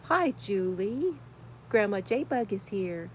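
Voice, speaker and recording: A woman's voice: mid-range voice, very animated, takes it slowly, a little hiss or hum. A woman hosting a casual crochet livestream from her she shed, greeting viewers by name, reading chat comments aloud and laughing often. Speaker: crochet channel host.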